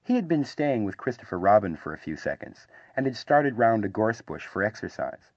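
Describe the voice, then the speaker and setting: A man reading a children's storybook aloud as narrator, in an animated, expressive way. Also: fairly low pitch, normal speed, dry recording, highs cut off.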